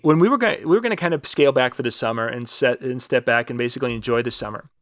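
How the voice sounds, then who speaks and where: A man's voice: mid-range voice, rapid-fire, a bit bright. A man co-hosting a casual live web show, talking in a loose, rambling way with frequent restarts as he promotes a contest. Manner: rambling, restarts and fillers, upbeat promo talk. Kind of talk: casual live-stream chat.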